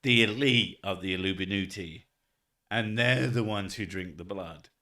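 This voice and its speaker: A man's voice: on the low side, normal speed, bright, forceful tone, far from the mic. A man streaming live, chatting casually, swearing often and laughing between rambling thoughts. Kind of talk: casual livestream chat.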